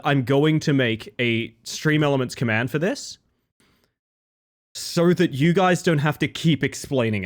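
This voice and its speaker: Slightly sick, lively young streamer man. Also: fairly high pitch. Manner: playful, jokey banter, greeting viewers by name. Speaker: live streamer. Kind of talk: casual live-stream chat with viewers.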